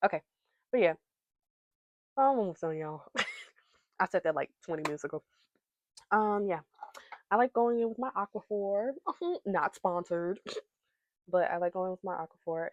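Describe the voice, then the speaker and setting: A woman's voice: fairly low pitch, lively intonation, moderate pace, long pauses, no room sound. A young woman hosting her podcast, chatting casually and playfully to herself while doing her makeup. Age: young adult. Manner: playful, giggly, talks to herself. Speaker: podcast host.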